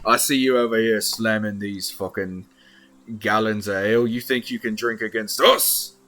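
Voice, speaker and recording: A man voicing a rowdy, drunken male dwarf who taunts loudly. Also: lowish voice, steady tone, normal speed, slight background noise. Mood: taunting.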